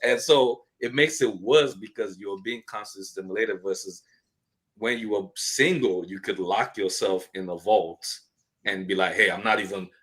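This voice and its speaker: A man co-hosting a casual faith-based podcast chat, animated and acting out little quoted dialogues. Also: on the low side, measured pace.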